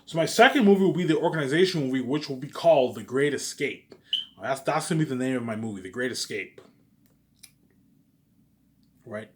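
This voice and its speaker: A man's voice: medium pitch, a little fast, pauses often, darkish tone. A young man in a rambling casual monologue, boastful, swearing, repeating and restarting his phrases. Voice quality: repetitive, restarts phrases often. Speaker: vlogger pitching his movie ideas.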